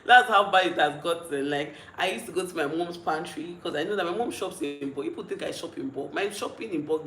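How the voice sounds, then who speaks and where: A young Nigerian woman with a Nigerian accent, chatting casually on a livestream, reading out comments and rambling with frequent giggles and restarts, a little tipsy and mellow. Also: deep voice, echoey room, low-quality recording. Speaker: vlogger.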